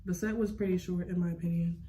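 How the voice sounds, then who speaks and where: Talking fast in a warm, low-leaning voice with a steady tone, this young adult beauty vlogger rambles through a makeup tutorial. Her chat is casual and slangy, packed with "like" at every turn.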